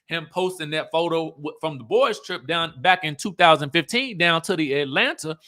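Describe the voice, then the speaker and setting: A man talks through a reality show episode in a loose, animated way, throwing out rhetorical questions as he goes. His voice is bright and sits a little high for a man. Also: moderate pace. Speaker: reality TV recap host. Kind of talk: casual recap commentary.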